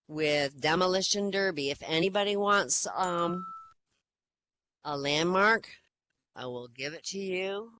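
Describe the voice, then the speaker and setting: A woman's voice: lowish voice, unhurried, a bit bright, low-quality recording. A woman hosting a casual online comedy night, telling jokes in a chatty, rambling way with hesitant fillers. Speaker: comedy open-mic host. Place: online virtual-world voice chat.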